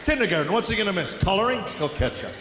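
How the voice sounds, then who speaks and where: A middle-aged man from Tennessee working a live stage with a dry, deadpan storytelling manner, slipping into quick acted-out quotes. His voice sits fairly high for a man. It rings through a large echoey hall with a long tail, and the audience is clearly heard behind him. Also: heavy background noise. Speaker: stand-up comedian. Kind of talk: stand-up routine.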